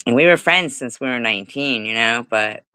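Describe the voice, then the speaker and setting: A woman's voice: very deep voice, expressive, moderate pace, pushed and bright, smooth, no room sound, rough recording. A middle-aged woman telling a rambling story in casual livestream chat, laughing often and swearing freely. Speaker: livestream host. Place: home livestream.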